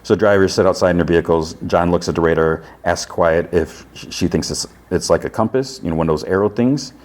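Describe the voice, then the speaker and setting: Deep-voiced male podcast host, rambling casual recap. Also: a little fast, a little mellow. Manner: rambling, filler-heavy retelling.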